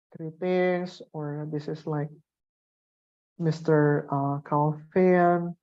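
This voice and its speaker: A man's voice: fairly high pitch, a little mellow, no room sound, dull audio. A man with an Indonesian accent presents a workshop demo on a video call, chatting loosely and filling gaps with many fillers. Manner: chatty, code-switching, filler-heavy. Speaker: teacher-training workshop presenter. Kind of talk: online workshop tech demo.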